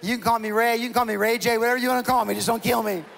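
A male pastor preaching a sermon as a humorous, lively story with self-mocking asides. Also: very high-pitched, very fast, vocal fry, a little hiss or hum. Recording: reverberant church hall.

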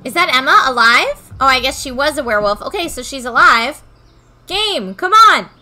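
A woman's voice: high voice, expressive, moderate pace, sharp tone, soft background music. A woman giving casual, reactive commentary over a video game playthrough, talking back to the screen. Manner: reactive, chatty, talks to the game. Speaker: gaming streamer.

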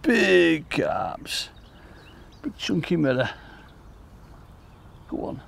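A man giving excitable, casual commentary to viewers while fishing by a lake. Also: fairly high pitch, very slow, gravelly, husky. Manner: chatty, excitable, talks to viewers as folks. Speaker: angler demonstrating fishing. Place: outdoors by a lake.

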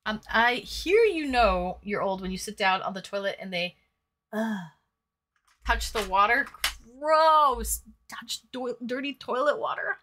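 Painting on a livestream, this woman reads viewer comments aloud, chats casually and cracks crude jokes. She speaks at a fairly high pitch with an expressive, unhurried delivery and a sharp tone.

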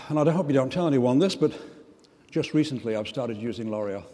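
An older man giving a humorous keynote speech, with a deadpan, self-deprecating delivery. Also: mid-range voice, brisk, long reverb tail, slight background noise. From Australia. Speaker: keynote speaker. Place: large conference hall.

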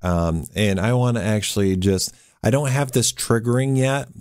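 A man's voice: lowish voice, moderate pace, darkish tone, no echo, clean studio sound. A man streaming a horror game, giving laid-back casual commentary and chuckling often.

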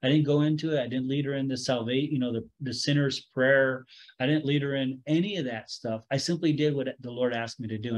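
Middle-aged male preacher, mid pitch, speaks loosely and chats as he teaches, self-corrects a lot. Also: low-quality recording. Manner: conversational, self-correcting, with chuckles. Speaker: Messianic rabbi teaching a Bible study. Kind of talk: storytelling sermon.

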